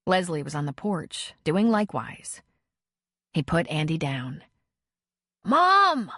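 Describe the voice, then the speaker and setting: A woman narrating an audiobook in a measured, even reading voice. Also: low-pitched, husky, no echo, studio quality. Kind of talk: scripted narration.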